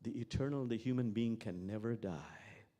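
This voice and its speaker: Reflective imam telling stories. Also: male voice, lowish voice, normal speed, dark tone. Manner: reflective, repeats key phrases. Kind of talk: sermon with storytelling.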